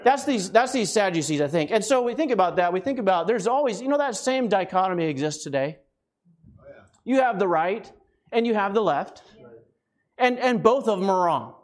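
A man's voice: sits high, lively intonation, normal speed. A man from the United States preaching a conversational sermon as a guest, often checking in with the congregation, a bit winded. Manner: conversational, keeps asking "right?".

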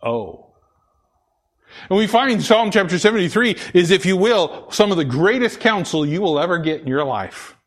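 A man's voice: high voice, big pitch swings, normal speed. A man preaching a sermon, repeating key phrases for emphasis and often stumbling and restarting. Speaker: pastor.

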